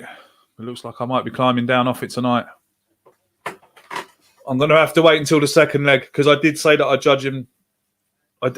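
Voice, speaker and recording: A man hosting a live watch-along of a football match, reacting with frustration and reading out viewer comments. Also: medium pitch. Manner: exasperated, reads viewer comments aloud. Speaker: podcast host streaming a match watch-along.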